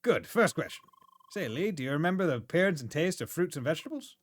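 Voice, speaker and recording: A man's voice: on the high side, big pitch swings, fast talker, slight background noise, pitched above the performer's own voice. A man voicing a forgetful, eccentric rich old man who rambles theatrically.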